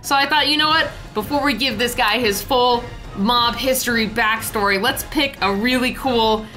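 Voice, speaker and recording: Young woman artist-host, chatty voice-over, bright voice pitched a little high, faint music underneath. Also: normal speed, poor audio. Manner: chatty, bubbly, lots of filler "like". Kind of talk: casual voice-over recap of a drawing.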